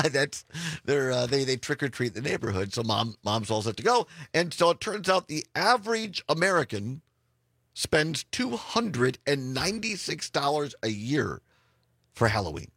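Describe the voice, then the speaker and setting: Hoarse, chatty radio host with a gravelly voice. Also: male voice, fairly high pitch, sing-song, unhurried, fairly bright tone, dry recording. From Wisconsin. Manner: chatty, laughs often. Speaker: radio talk show host. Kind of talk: casual radio talk. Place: radio studio. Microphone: studio microphone.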